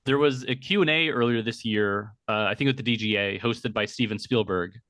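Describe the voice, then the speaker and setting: A man's voice: mid-range voice, a little fast, a bit bright, dry recording. Male interviewer, mid-range voice, articulate, long-winded questions, dry close sound. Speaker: interviewer host.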